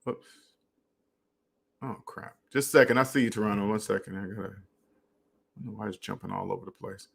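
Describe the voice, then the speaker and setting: A man's voice: lowish voice, a little fast, gravelly, pauses often, fairly bright tone, slightly rough. A young adult man hosting a casual personal finance live stream, talking straight to viewers and repeating phrases for emphasis.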